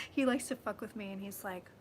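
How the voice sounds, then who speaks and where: A woman chatting casually with her viewers on a live stream, swearing freely and swinging loud and soft as she talks. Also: mid-range voice, a little hiss or hum. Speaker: psychic vlogger hosting a live stream.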